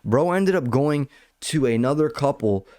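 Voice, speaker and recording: A man's voice: medium pitch, unhurried, dry recording, clean studio sound. A young man hosting a podcast, telling a rambling, profane story about his work at a club door in a casual way. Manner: profane, rambling, animated retelling. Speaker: podcast host; nightclub door staff. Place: home kitchen.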